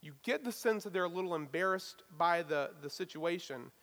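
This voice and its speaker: A man preaching a sermon as a pastor, talking in a casual, lively way with touches of self-deprecating humor. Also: high-pitched, fairly quick, big-room sound.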